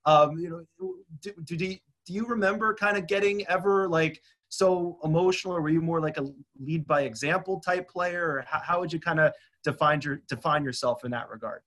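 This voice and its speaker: A man's voice: a little high, brisk, fairly bright tone. Chatty man interviewer. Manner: chatty, stumbles over his words. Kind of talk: casual interview.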